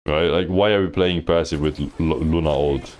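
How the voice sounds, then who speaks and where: A man with a notably deep, low-pitched voice talks through a viewer's match like a livestream coach. He keeps it loose and slangy and often breaks into teasing laughter. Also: fairly even intonation, normal speed, a little mellow. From Thailand. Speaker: game coach reviewing gameplay. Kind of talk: casual livestream coaching commentary.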